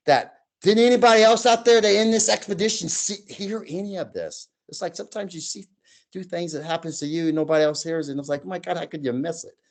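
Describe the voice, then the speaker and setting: Animated man in his sixties telling stories. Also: a little high. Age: 60s. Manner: animated, acts out voices and sounds in his stories. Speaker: guest. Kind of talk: storytelling in a casual chat.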